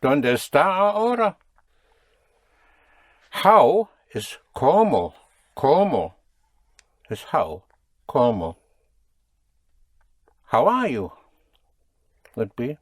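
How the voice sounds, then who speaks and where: A man's voice: medium pitch, huge pitch swings, drawn-out words, pauses often, husky, no echo. A man teaching a spoken language lesson, patiently drilling and correcting his students.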